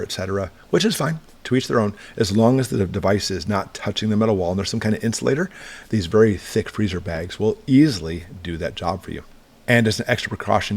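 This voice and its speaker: A man's voice: on the low side, gravelly. A middle-aged man hosting a prepping channel, walking through gear in a casual, plain-spoken, reassuring way. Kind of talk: casual product walkthrough.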